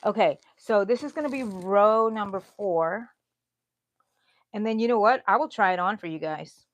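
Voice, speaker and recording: A woman in her 60s hosts a crochet channel and chats in a rambling, casual way to her livestream viewers from a bedroom at home. Her voice sits in the mid-range, her pace is moderate, and there's no room sound.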